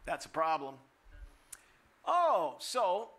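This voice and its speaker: Speaking a little slowly with long pauses, an older guest preacher with a high voice delivers a bright, forceful sermon. He's animated, throws in jokes along the way, and takes on the voices of those he quotes.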